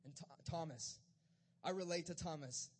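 A man's voice: on the high side, moderate pace, slightly rough. A man preaching a casual, conversational sermon, retelling scripture and acting out the disciples' lines in everyday speech. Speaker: pastor.

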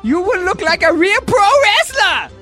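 A man's voice: very high-pitched, sing-song, measured pace, sharp tone, soft background music, voice pushed up, full character voice. A man putting on a mock German accent to play a goofy mad-scientist man, with over-pronounced delivery. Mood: hammy. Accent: put-on German.

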